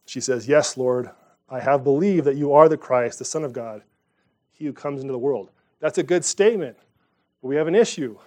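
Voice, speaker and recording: A man's voice: medium pitch, normal speed, a little mellow. A man preaching a sermon in a conversational way, asking the church rhetorical questions. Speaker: pastor.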